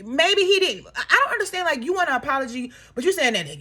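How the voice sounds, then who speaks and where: A woman's voice: very high-pitched, sing-song, quick pace, few pauses, pushed and bright. A woman in her thirties giving a sassy, exasperated opinion rant straight to her viewers. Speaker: commentary vlogger.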